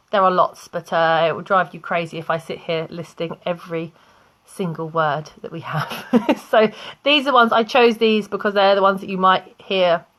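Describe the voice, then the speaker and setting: A young British-accented woman teaches English vocabulary online, explaining slowly with examples and a few small laughs. Her voice is medium-pitched with a fairly bright tone.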